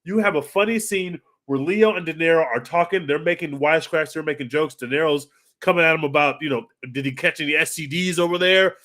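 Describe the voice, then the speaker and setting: Excitable high-voiced man gushing. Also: a little fast. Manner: excitable, gushing, swears freely. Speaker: podcast co-host. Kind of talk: casual film review chat.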